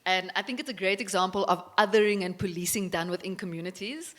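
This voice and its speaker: A woman leads a live book festival discussion as moderator. Her voice sits at a middle pitch, and she asks her questions in a calm, measured way. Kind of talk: festival panel interview. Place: live event stage.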